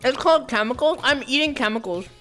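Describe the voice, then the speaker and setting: A young woman hosting a casual live stream, excitable and joking as she talks to her chat. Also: high voice, fast, soft background music. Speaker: streamer host.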